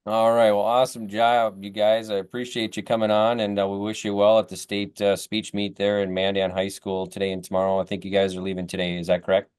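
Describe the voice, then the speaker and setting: A man's voice: lowish voice, little pitch movement, fairly quick, few pauses, a little mellow, clean tone. A man hosting a local interview in a folksy way, with many fillers. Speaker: radio host. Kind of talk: interviewing students.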